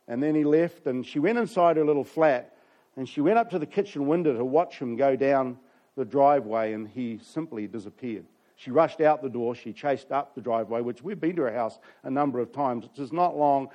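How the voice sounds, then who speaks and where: A man's voice: mid-range voice, moderate pace, darkish tone. Man preaching a sermon. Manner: storytelling with asides to the congregation. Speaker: pastor.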